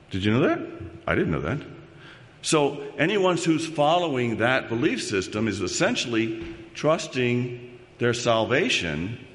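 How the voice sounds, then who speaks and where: Pastor preaching in a reverberant hall. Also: male voice, medium pitch, fairly bright tone. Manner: conversational, keeps checking in with the congregation. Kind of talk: sermon. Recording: long reverb of a large hall.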